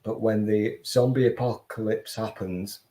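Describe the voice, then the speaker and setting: A man's voice: on the low side, steady tone, measured pace, warm tone. A man joining a casual online chat, jokey and playfully boastful.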